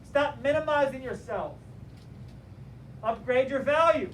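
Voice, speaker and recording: Man, high-pitched, animated teacher, motivational, distant mic, faint background noise. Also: a little slow, long pauses. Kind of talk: storytelling lesson to a class. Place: classroom.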